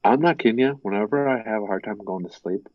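A young man talks in a loose, casual way, stringing his thoughts together with lots of fillers and now and then slipping into animated little impressions. His voice sits a bit low. The recording is dry and somewhat dull, like a lo-fi setup. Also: quick pace, dry recording. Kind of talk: casual chat.

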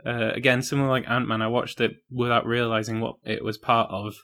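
A man's voice: mid-range voice, flat delivery, brisk, a bit bright. A man co-hosting a casual film review chat with friends, rambling and laughing often as he talks. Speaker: podcast co-host.

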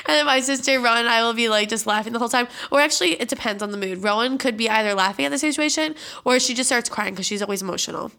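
Bright-voiced young woman telling family stories. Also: on the high side, fast talker, few pauses. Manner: animated storytelling, mimics relatives in shouts. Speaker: storyteller. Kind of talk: casual chat.

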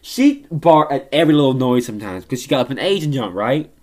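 A woman co-hosting a podcast, telling family stories in casual chat, animated and profane. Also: a bass voice, fast talker. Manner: animated, profane, laughs often. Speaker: podcast co-host.

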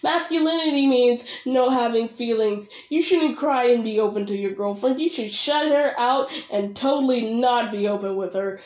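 A woman's voice: on the high side, moderate pace, hardly any pauses, a little mellow, roomy sound. A young woman ranting bluntly and sarcastically while she reacts to a video. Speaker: reaction vlogger.

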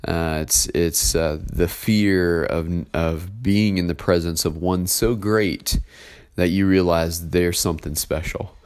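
A man preaching a sermon, reading a Bible passage and then explaining it in a relaxed, conversational way with frequent filler words. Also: low voice, slow pace, clean tone. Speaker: pastor.

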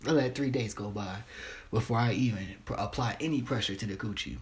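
A man's voice: fairly low pitch, fairly quick. A man hosting a casual solo podcast, talking in a laid-back, rambling, profane way, stuttering and restarting often. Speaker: podcast host.

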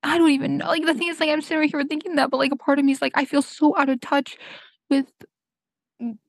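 A young woman recording a tearful, halting personal monologue on her podcast mic, crying and sniffling as she searches for words. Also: high-pitched, little pitch movement, vocal fry, no room sound. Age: young adult. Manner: halting, full of fillers and restarts. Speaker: podcast host. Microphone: home podcast mic.

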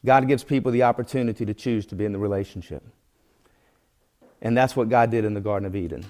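A man's voice: on the low side, fast, a little mellow. A man teaching through scripture in a sermon, reading verses aloud and telling folksy illustrations with earnest emphasis. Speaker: Bible teacher.

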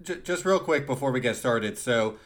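A man co-hosting a music podcast in relaxed conversation. He laughs often and stumbles into repeated words as he talks. His voice sits in an ordinary middle pitch. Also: moderate pace. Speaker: podcast co-host. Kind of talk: casual chat.

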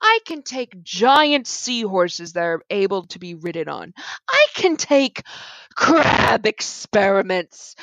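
A woman's voice: mid-range voice, very animated, slow, creaky, a bit bright, no echo. A woman co-hosting a podcast in casual chat, ranting in an exasperated, theatrical way. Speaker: podcast co-host.

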